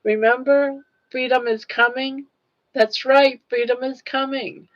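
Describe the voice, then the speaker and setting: A woman's voice: high-pitched, fairly even intonation, a little slow, muffled recording. An older woman hosting a casual livestream chat, tearful and earnest as she talks straight to her viewers. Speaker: livestream host.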